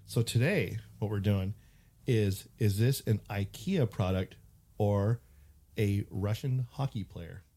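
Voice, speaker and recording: A man hosting a podcast, telling stories in casual chat and slipping into quick imitations. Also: lowish voice. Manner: animated storyteller, slips into imitations. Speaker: podcast host.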